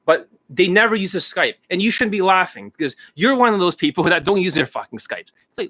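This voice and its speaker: A man's voice: high-pitched, sing-song, a little fast, hardly any pauses, a bit bright. Profane mocking male dating coach. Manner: profane, mocking, acts out students in raised voices. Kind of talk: casual monologue.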